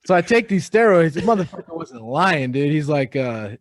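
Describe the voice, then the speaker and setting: A young man on a podcast with a lively, bouncing delivery that swings widely up and down. His voice sits a bit high. He curses freely and mimics others in a dry, close room. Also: normal speed, no echo. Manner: animated, swears a lot, imitates others. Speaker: podcast co-host. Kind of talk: casual chat.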